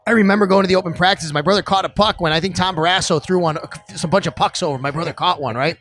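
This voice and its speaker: A middle-aged man from Buffalo, telling old sports stories with growing excitement on a casual podcast. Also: high voice, racing. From Buffalo area. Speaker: podcast guest. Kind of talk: casual storytelling chat.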